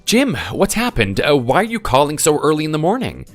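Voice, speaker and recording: A man's voice: fairly high pitch, wildly swooping pitch, a little fast, faint music behind. A man voicing a concerned family man in a voice-acted text story, asking careful questions.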